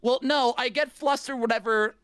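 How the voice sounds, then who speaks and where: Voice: mid-range voice, fairly even intonation, moderate pace, a bit bright, clear, resonant tone, no room sound, clean studio sound. A streamer chatting casually in a sarcastic way, swearing freely. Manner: sarcastic, swearing, laughing often. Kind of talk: casual chat.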